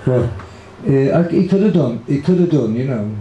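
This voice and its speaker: An older man with a Liverpool accent casually reminisces about his brother in an interview, rambling with plenty of fillers and restarts. His medium-pitched voice is warm with lively intonation at normal speed, and the lo-fi recording has an echoey room and faint background hiss.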